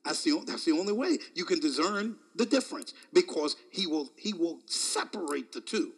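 A man preaching a sermon in a dramatic manner, swinging between shouts and hushed asides and chuckling often between phrases. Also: on the high side, lively intonation, moderate pace.

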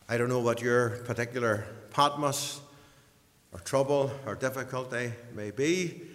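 A man preaching a sermon, swinging from hushed passages to loud, high bursts and repeating words as he builds up. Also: big-room sound.

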